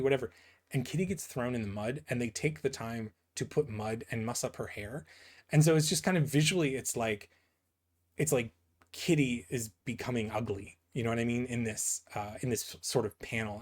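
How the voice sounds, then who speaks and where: A man giving casual, rambling commentary on comic book pages, full of fillers and asides that end in "right?". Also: mid-range voice. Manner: rambling, filler-heavy, keeps asking "right?".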